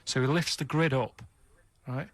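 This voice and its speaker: A man's voice: medium pitch, steady tone, normal speed, fairly bright tone, no echo. A man on a radio show telling a long, rambling story in a plodding way, repeating himself and checking in with "right?" at every turn. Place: radio studio.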